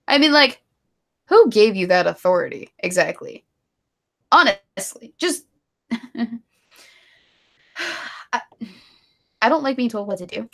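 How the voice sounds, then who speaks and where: A woman's voice: mid-range voice, animated, slow pace, vocal fry, pauses often, a bit bright. A woman co-hosting a casual live stream, ranting with strong opinions and reading viewer donations. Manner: opinionated ranting, then giggly and apologetic. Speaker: stream co-host.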